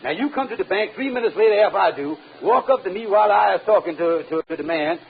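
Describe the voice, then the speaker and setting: Kingfish, a high-voiced schemer. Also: male voice, expressive, breathy edge, heavily acted. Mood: scheming. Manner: fast-talking, fumbling with hesitant uhs. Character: scheming smooth-talking middle-aged male con man. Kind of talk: 1940s radio sitcom acting. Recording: tinny old radio broadcast with audience laughter and hiss.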